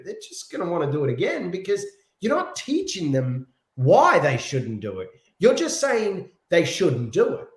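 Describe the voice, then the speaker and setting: A man, a pop singer being interviewed, telling stories in an animated, casual way and repeating words while he thinks. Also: sits high. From Australia. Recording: echoey room.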